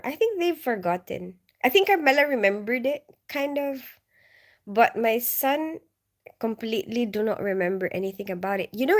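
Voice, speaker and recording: A woman in her forties with a Filipino accent, chatting on a casual livestream, telling stories and answering viewers. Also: mid-range voice. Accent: Filipino English. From Philippines. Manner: chatty storyteller, giggles often, reads chat comments. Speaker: livestream host.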